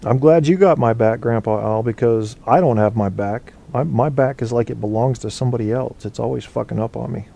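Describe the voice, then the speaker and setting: Mellow-voiced, rambling man hosting an online show. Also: medium pitch, fairly quick, gravelly, hardly any pauses. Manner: rambling and profane, thinking aloud. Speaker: internet radio host. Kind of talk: casual live chat show, answering chat.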